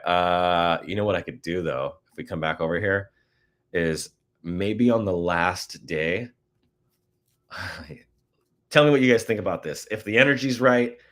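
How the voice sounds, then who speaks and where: A man casually hosting a live-stream prize giveaway, goofy and chatty, reading out codes and talking to viewers. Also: lowish voice.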